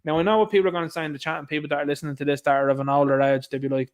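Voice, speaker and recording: A man's voice: fairly high pitch, little pitch movement, rapid-fire, hardly any pauses, smooth. A man with an Irish accent hosting a livestream, ranting with sarcastic indignation and calling his listeners lads. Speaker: livestream host.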